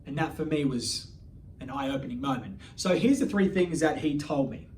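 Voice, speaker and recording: A blunt, freely swearing man in his thirties, telling a personal story as a coach, with a slightly high voice. He sits a little away from the mic, and a faint hum of background noise sits under his words. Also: recorded from a distance. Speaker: life coach.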